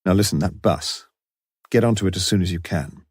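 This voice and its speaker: Man playing a wry, shrewd inspector, low, husky, coaxing, dry sound. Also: fairly quick, no room sound. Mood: brisk. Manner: wry, coaxing and quietly commanding. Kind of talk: audiobook character voice.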